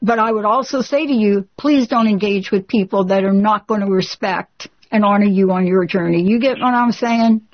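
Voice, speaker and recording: A woman's voice: medium pitch, normal speed, hardly any pauses, muffled recording. A woman hosting a call-in radio show, speaking in a direct, earnest and emphatic way to a caller.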